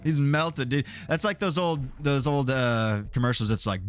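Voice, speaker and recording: A man's voice: medium pitch, moderate pace, hardly any pauses, a bit bright. A man doing casual let's-play commentary, chatty, swearing often and laughing. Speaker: streamer playing a game. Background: game music.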